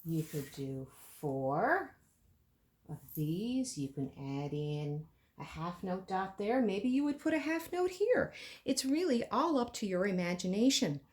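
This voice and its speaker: A woman teaching a children's music lesson, speaking slowly and encouragingly to young children. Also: medium pitch, sing-song, darkish tone.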